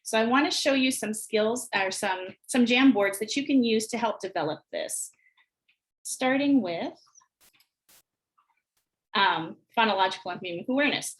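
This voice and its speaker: A woman presenting an online teacher workshop over a video call, explaining early reading skills and modeling words slowly and clearly. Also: on the high side. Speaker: teacher trainer. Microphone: video call mic.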